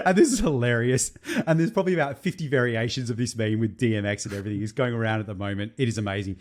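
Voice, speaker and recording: Man, young adult, podcast co-host, casual chat, animated, laughs often. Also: mid-range voice, quick pace, hardly any pauses. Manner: animated, laughs often while telling jokes.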